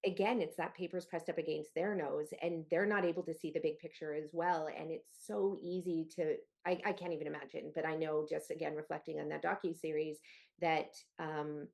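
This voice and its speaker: Low-voiced earnest woman podcast host. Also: fairly even intonation, a little fast, vocal fry, a little mellow. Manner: earnest, empathetic, rambling. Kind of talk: podcast interview.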